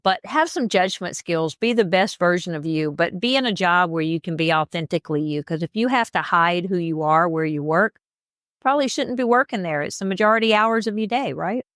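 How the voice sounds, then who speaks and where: A woman with a Southern US accent, co-hosting a podcast in casual, animated chat. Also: fairly low pitch, brisk, no room sound, studio quality. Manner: chatty, animated storyteller with emphatic asides. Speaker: podcast co-host.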